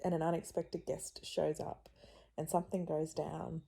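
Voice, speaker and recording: A woman's voice: deep voice, flat delivery, normal speed, creaky, dark tone. A woman in her thirties chatting casually to camera as a vlogger, rambling along with frequent little laughs. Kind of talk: casual vlog chat.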